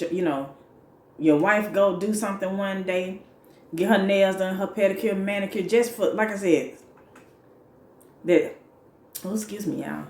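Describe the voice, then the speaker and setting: A woman's voice: mid-range voice, a little mellow. A woman talking casually about self-care during a mukbang, repeating her points and laughing between lines. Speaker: mukbang vlogger. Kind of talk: casual advice talk while eating. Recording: echoey room with faint noise.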